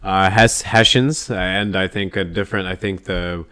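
A man's voice: sits low, steady tone, moderate pace, pushed and bright, clean tone. A man co-hosting a podcast in casual chat, rambling and swearing with lots of fillers. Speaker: podcast co-host.

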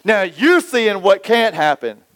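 A man preaching a sermon, telling stories and acting out quoted voices with lively swings. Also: high voice, a little slow, no echo. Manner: storytelling, animated, acts out quoted voices. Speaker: pastor.

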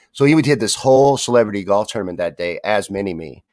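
A man's voice: fairly low pitch, lively intonation, quick pace, a little mellow, no echo, clean studio sound. A man co-hosting a podcast, telling a story in casual, profane chat. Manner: profane, laid-back storytelling. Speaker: podcast co-host.

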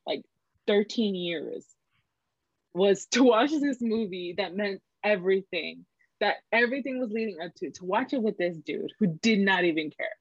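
Speaking as a guest on a podcast, this twenty-something woman animatedly recounts a story, voicing the dialogue herself and leaning on frequent fillers. Her pitch is medium with a slightly rough texture. There's no echo, and the sound is dull, lo-fi and dry.

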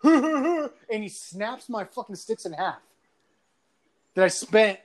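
A young man casually telling a profane high school story, animated and swearing, often laughing through his lines. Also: slow. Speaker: podcast guest telling a story.

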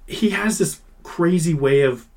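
A man's voice: on the high side, measured pace, darkish tone. A man co-hosting a podcast in the studio, chatting casually and with animation, laughing often and trailing off into mumbles. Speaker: podcast co-host. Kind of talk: casual chat.

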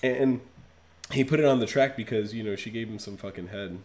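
A man's voice: on the low side, a little fast, darkish tone, slight background noise. A man in casual podcast chat, ranting in a profane, mock-outraged way.

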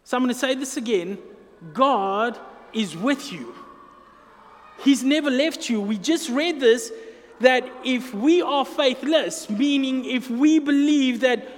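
A man's voice: very high-pitched, unhurried. A man preaching a sermon as pastor, earnest and emphatic, drawing out key phrases. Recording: long hall reverb.

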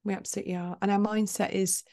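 A young woman co-hosts a podcast, speaking at a middle pitch in a chatty, encouraging tone. She is out of breath and laughs easily. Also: flat delivery, quick pace, dark tone. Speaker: podcast co-host. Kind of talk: casual podcast chat.

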